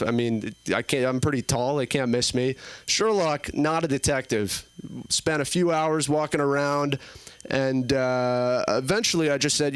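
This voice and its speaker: A man's voice: mid-range voice, steady tone, normal speed, clear, resonant tone, dry recording. A man in his early twenties performing a stand-up set on a comedy club stage, telling stories in a rambling way with lots of fillers. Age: early 20s. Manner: rambling, filler-heavy storytelling.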